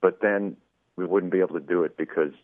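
A man with a very deep voice speaks as an interview guest over a tinny phone connection. He talks in a chatty, anecdotal way, acting out quoted exchanges and filling pauses with "you know". The sound is dry and close. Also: fairly even intonation, dry recording. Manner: chatty storyteller, acts out quoted dialogue, many "you know"s. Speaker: producer of a radio show.

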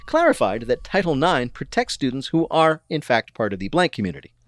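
A man hosting a news quiz, reading questions briskly and landing wry punchlines. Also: mid-range voice, sing-song, a little hiss or hum. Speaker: quiz show host.

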